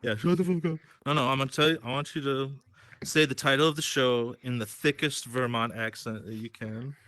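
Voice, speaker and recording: A man's voice: medium pitch, steady tone, fairly quick, a bit bright, no echo. A man from Minnesota co-hosting a casual podcast, playful and swearing freely. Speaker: co-host.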